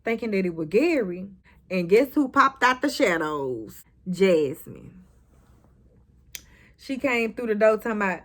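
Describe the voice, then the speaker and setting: In an expressive, medium-pitched voice at a measured pace, pausing often, a young vlogger recaps a TV episode. She's sassy and blunt, casually cursing and arguing back at the characters.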